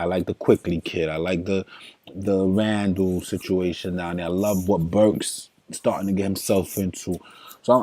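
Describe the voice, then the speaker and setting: A man with a deep, mellow New voice runs through fantasy basketball picks on a livestream. He talks in loose slang, muttering his thoughts aloud and turning to chat with viewers. The sound is close and dry. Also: dry recording. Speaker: fantasy sports streamer.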